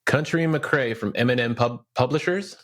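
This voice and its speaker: A man hosts a podcast interview in a casual, affirming way. His voice sits somewhat low, and his talk is relaxed and conversational. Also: moderate pace. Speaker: podcast host.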